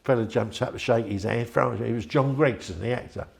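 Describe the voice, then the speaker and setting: Here an older man talks briskly in a medium pitch with vocal fry. He's in an interview, telling a loose, talkative anecdote and voicing the people who appear in it.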